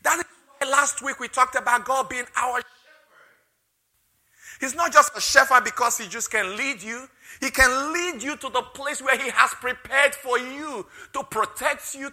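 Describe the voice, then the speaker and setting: Male pastor, sermon with testimony; high and piercing, emotional, punches key phrases. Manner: emotional storytelling, rising loud on key phrases.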